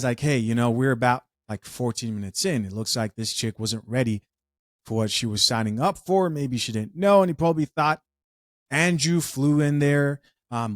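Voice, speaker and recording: A man's voice: medium pitch, no room sound, studio quality. A man giving casual reaction commentary, talking straight to his viewers. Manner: conversational, addresses viewers directly.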